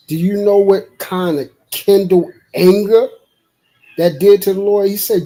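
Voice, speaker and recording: On this live stream, the podcast host speaks in a high, steady, somewhat slow voice with a dark tone. He argues and preaches emphatically, voicing characters in his stories and raising his voice to quote God, all over poor audio.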